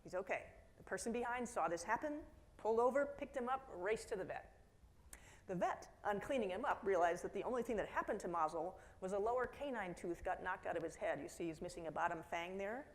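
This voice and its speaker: A middle-aged woman speaking from a conference stage, her keynote talk lively and story-driven. She drops into quoted voices and talks straight to the crowd, with a mid-range pitch. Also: brisk. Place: conference hall.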